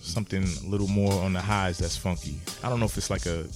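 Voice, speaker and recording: Low-ish voiced dude, unsure and easygoing, co-hosting a beat podcast, light music under. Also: male voice, fairly even intonation, fast talker. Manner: hesitant, easygoing, laughs often. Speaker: podcast co-host reviewing beats. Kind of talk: casual chat.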